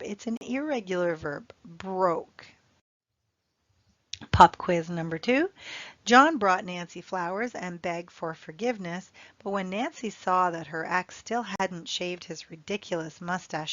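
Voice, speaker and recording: A woman teaching an English grammar lesson, speaking clearly and repeating example phrases for learners. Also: on the low side, unhurried, a bit bright, no echo, muffled recording.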